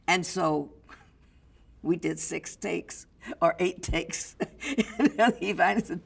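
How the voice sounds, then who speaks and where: A woman's voice: fairly low pitch, a little slow, vocal fry. An older woman, an actress, telling a backstage story in an interview and acting out the people in it. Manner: lively storyteller, acts out others' voices. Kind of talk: anecdotal storytelling.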